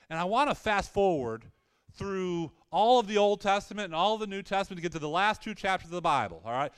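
A man's voice: high-pitched, lively intonation, a little fast, clear, resonant tone. A middle-aged man preaching a conversational sermon, often repeating words and asking the congregation questions. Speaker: pastor.

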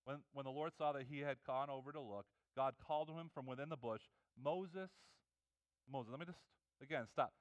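A man's voice: mid-range voice, fairly even intonation, fast, few pauses, smooth, dry recording, highs cut off. A man preaching a conversational sermon, earnest and personal, often restarting his words. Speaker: pastor.

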